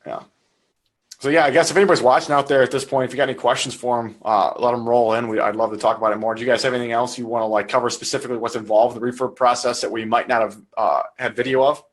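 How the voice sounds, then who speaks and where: Fast-talking male stream host. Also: medium pitch, steady tone. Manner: quick, curious interviewer with filler words. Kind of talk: casual live-stream chat. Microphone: video call.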